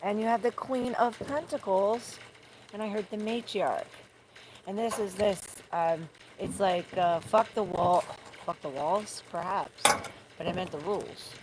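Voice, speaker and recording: A woman's voice: mid-range voice, measured pace. A woman doing a casual, rambling tarot reading outdoors in the rain. She searches for words and swears casually. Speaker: tarot reader. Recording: noisy outdoor recording with rain.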